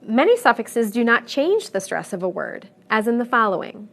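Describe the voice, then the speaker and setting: A woman narrating a scripted pronunciation lesson, speaking clearly and deliberately and stressing each example word. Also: a little high, big pitch swings. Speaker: English pronunciation teacher.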